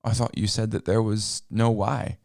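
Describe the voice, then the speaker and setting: A man's voice: fairly low pitch, level tone, normal speed, gravelly, a little mellow, dry recording, studio quality. A man voicing a hurt young woman who asks plaintive, wounded questions.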